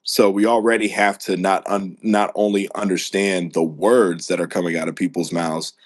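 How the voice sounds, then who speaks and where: Male American podcast host, very deep, dry close sound, loose rambling chat with frequent laughs. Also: steady tone, moderate pace, dry recording. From United States. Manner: rambling, laughs often, restarts sentences.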